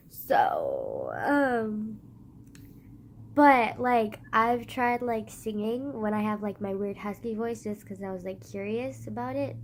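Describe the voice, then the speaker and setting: A squeaky-voiced woman with a sick, slightly husky edge, talking to her phone's front camera. She rambles loud and giggly in a mid-range voice, swears freely, and mocks herself. Faint hiss sits under her voice. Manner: loud, giggly, swears a lot, self-mocking. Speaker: vlogger. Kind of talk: rambling casual chat to camera.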